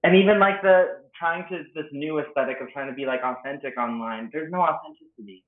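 A man's voice: fairly high pitch, brisk. A man from Canada talks as a guest comedian, emphatic and ranting, with plenty of swearing. His voice comes through a tinny, phone-like line from an echoey room. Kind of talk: casual podcast chat.

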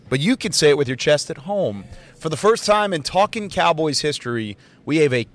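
A man hosting a live sports podcast from a desk at a training camp, upbeat and laughing often as he steers the chat. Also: mid-range voice. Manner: upbeat, laughs often, repeats info for listeners. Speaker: podcast host.

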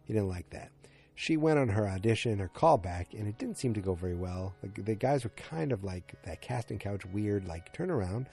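Man with a low, husky, mellow voice; loose, rambling episode recap. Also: expressive, normal speed, faint music behind. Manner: rambling, full of fillers and restarts.

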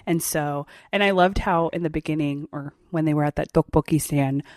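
A woman's voice: low-pitched, brisk, darkish tone, no room sound, clean studio sound. A young woman co-hosting a podcast in casual chat, enthusiastic and rambling. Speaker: podcast co-host.

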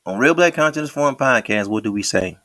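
A man hosting a podcast, talking in a casual, slangy, animated way full of rhetorical questions. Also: medium pitch, fast, no room sound. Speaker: podcast host.

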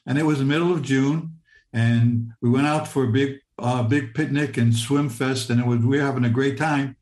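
An older man from Michigan telling a personal story, halting and repeating words as he relives it in vivid present tense. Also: medium pitch, fairly even intonation, darkish tone, roomy sound. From Michigan, United States.

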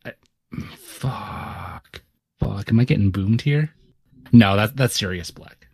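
Man co-host, low and dry, thinks aloud, swears freely. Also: takes it slowly, darkish tone, husky, no echo. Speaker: podcast co-host. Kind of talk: casual chat, guessing aloud.

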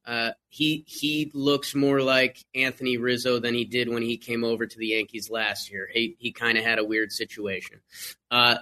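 Bright, animated male sports-podcast guest. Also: mid-range voice. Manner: animated, quick restarts. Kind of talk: casual sports chat.

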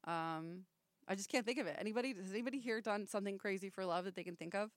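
A woman's voice: medium pitch, fast talker, dry recording. A young woman co-hosting a casual chat with friends, blunt and teasing, swearing freely. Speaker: podcast co-host.

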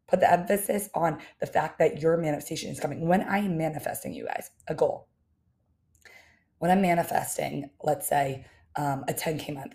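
A young woman talks through her solo podcast in a low, mellow voice with a gravelly edge. She keeps it casual and emphatic, addressing her listeners directly like a coach. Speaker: podcast host and business coach. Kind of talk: solo motivational podcast monologue.

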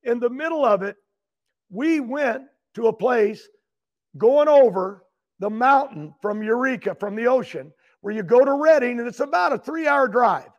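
Older man, high pitched, meandering storyteller who restarts his sentences. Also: lively intonation, normal speed, dull audio. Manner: loose, meandering, keeps restarting and clearing his throat. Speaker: guest, racing driver. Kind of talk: rambling storytelling.

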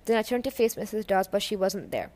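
A woman reading a novel aloud at a middle pitch. She narrates steadily, chapter by chapter, and gives the characters light voices as they speak. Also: fast talker, darkish tone. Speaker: reader. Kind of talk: audiobook-style reading of a novel.

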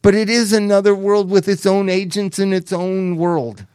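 A man's voice: high-pitched, steady tone, moderate pace, darkish tone, slight background noise. A man in casual chat, chiming in often with comments.

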